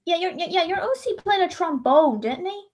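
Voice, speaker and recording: A woman's voice: extremely high pitch, expressive, moderate pace. A young woman chatting casually on her livestream, rambling and often breaking off to restart her sentences. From Ireland.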